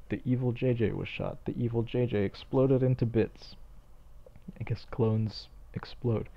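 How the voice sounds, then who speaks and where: A man's voice: mid-range voice, fairly even intonation, moderate pace, gravelly, highs cut off. A man casually commentating a playthrough of a game he made, with offhand, self-mocking asides. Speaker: game creator commentating his own game.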